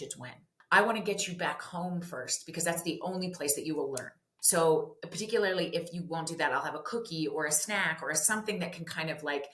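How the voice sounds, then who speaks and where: A woman guest author in an animated interview, acting out parent and child voices as she explains. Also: on the low side. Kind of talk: animated interview talk with acted-out dialogue. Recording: echoey room.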